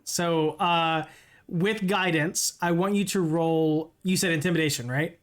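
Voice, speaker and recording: A man narrates a tabletop game as its game master. His delivery is halting, with frequent restarts and filler words as he works things out. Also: a little high, steady tone. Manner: halting, stammering, many fillers.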